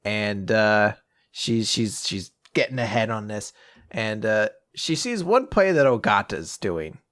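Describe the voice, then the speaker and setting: A man's voice: fairly low pitch, sing-song, measured pace, fairly bright tone. A man hosting a podcast, casually recapping comics, swearing and jumping into quoted voices. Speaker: podcast host.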